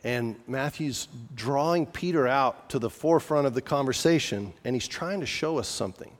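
A man's voice: mid-range voice, moderate pace. A man preaching a sermon as a pastor in a conversational way, with restarts and casual asides. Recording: long reverb of a large hall.

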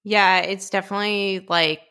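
A young woman co-hosting a podcast in casual chat. She is animated, fills her talk with "like" and acts out quotes. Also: mid-range voice, moderate pace, smooth. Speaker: podcast co-host.

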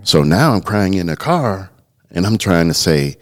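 Deep-voiced earnest male pastor. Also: very animated, unhurried. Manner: earnest, storytelling, repeats words when starting. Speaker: pastor and podcast co-host. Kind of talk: casual podcast conversation.

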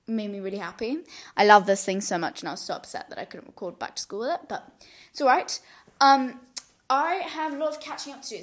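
A woman with a high-sitting voice hosts a casual solo podcast from her couch at home, speaking into a large studio mic pulled up close. She rambles and chats, laughing often.

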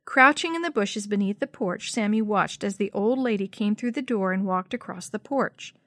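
A woman narrating a children's story in a steady, clear read-aloud style. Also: medium pitch, moderate pace, dry recording, studio quality.

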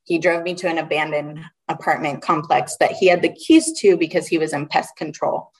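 A young woman with a notably low voice recounts a personal story in an interview. She speaks earnestly and haltingly, often restarting her sentences. Her voice sounds set back from the microphone. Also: fairly even intonation. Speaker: interview guest. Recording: voice a little far from the mic.

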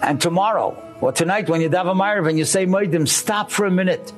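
A man's voice: high voice, a little fast, soft background music. A man preaching a sermon, telling a story earnestly and speaking straight to his listeners. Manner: earnest, addresses listeners directly.

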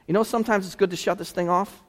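A man preaching a sermon as a pastor, animated, shifting between quiet reflection and loud emphasis. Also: high voice, quick pace. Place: church sanctuary. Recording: long hall reverb in a church.

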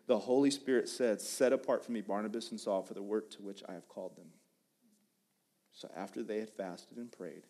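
A man preaching a sermon in a conversational, animated way, often restarting his phrases. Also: mid-range voice. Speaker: pastor.

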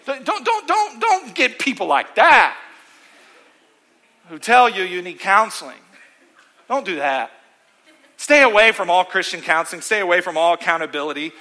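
A man's voice: high-pitched, normal speed, pauses often. A man preaching a sermon in a church auditorium. He preaches with sarcasm, acts out voices of other people and calls on the congregation to answer back. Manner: sarcastic, animated preaching with mock voices and call-and-response. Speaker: pastor.

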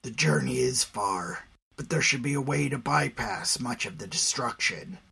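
Man whispering as a grim hushed cave leader. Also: medium pitch, moderate pace, gravelly, slightly rough, heavily acted. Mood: hushed, grave. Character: grim, secretive male cave-dweller leader.

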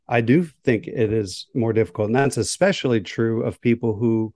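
Man, workplace psychologist, measured explanations, dry close sound. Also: medium pitch, a little mellow, no echo. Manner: thoughtful, hedging with "right?" and "kind of". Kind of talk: conversational interview answers.

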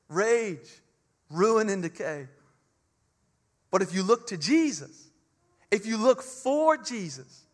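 Male preacher, high-pitched, impassioned sermon delivery with repeated emphatic phrases. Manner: earnest and impassioned, with emphatic repetition; swings between soft, hushed phrases and loud climaxes. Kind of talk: Easter sermon.

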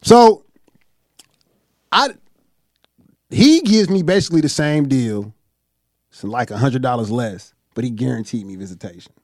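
A man, host of a chat show, telling a long story in a profane, animated way and acting out what others said. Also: mid-range voice, a little slow, long pauses, dry recording, studio quality. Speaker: podcast host.

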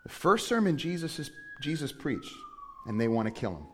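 A male pastor preaching a sermon with animated storytelling, often slipping into quoted voices. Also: on the high side, moderate pace, slight background noise.

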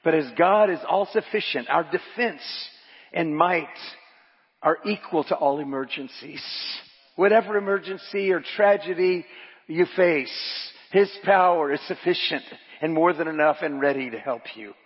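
A man pastor delivering a sermon in a church, his fairly high, husky voice carrying through a long echoing hall. He reads scripture aloud and drives points home by repeating them. The recording is dull and lo-fi. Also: normal speed. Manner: asks the congregation to repeat lines.

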